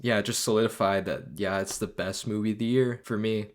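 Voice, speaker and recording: A young man with a somewhat low voice talks loosely on a podcast. He rambles through his thoughts with plenty of fillers and curses, laughing easily. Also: steady tone, brisk. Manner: rambling, swears often, laughs a lot. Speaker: podcast co-host. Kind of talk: casual chat.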